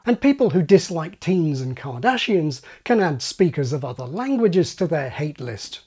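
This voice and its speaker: A man narrates a scripted video essay with wry, explanatory delivery. His husky voice sits a little high and moves lively across its range. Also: moderate pace.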